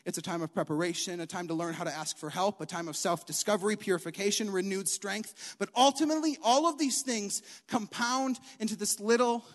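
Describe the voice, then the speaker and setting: High-voiced young preacher in a reverberant hall. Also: male voice, a little fast, hardly any pauses. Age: young adult. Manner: animated, emphatic, repeats key lines. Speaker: youth preacher. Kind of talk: sermon.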